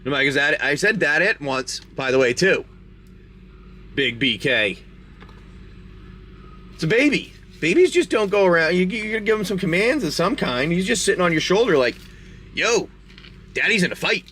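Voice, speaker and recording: A man's voice: fairly high pitch, big pitch swings, moderate pace, long pauses, pushed and bright, slight background noise. A man hosting a live stream, chatty and rambling as he narrates a tabletop game and opens card packs. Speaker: game master and card-break host.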